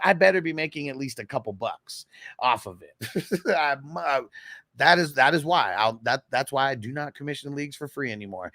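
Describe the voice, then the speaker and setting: Host telling a story, gravelly voice, bright, punchy tone, close dry sound, profane and rambling. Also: male voice, a little high, no room sound. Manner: profane, rambling, with frequent laughs. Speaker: fantasy football show host. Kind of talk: casual storytelling rant.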